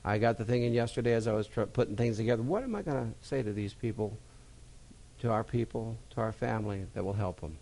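A male pastor preaching a sermon in a folksy, personal way, repeating key phrases and swinging from loud emphasis to quiet, low asides. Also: fast.

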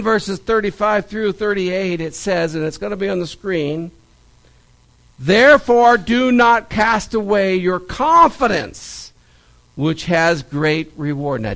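A man's voice: on the high side, poor audio. A man preaching a sermon and Bible study in a church, telling stories with lots of animation and repeating key phrases for stress. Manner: animated storytelling, stressed repetitions.

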